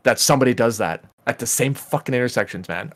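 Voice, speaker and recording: A man co-hosting a podcast over a voice call, ranting and swearing about other drivers and acting out what he'd yell at them. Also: mid-range voice, lively intonation, quick pace. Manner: ranting, swears a lot, acts out angry quotes. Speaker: podcast co-host. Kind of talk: casual chat. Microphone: recorded over a voice call.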